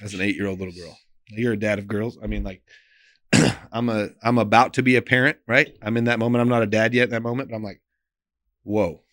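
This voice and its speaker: A pastor speaks in a somewhat low male voice, recounting a story in an earnest, emotional way. His delivery is loose and conversational, full of "like" and "you know", and often sinks to near a hush. The sound is dry and close, with no room around it. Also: fairly even intonation, a little fast, no room sound. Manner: earnest and emotional, voice often drops soft and quiet. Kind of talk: personal storytelling in a podcast interview.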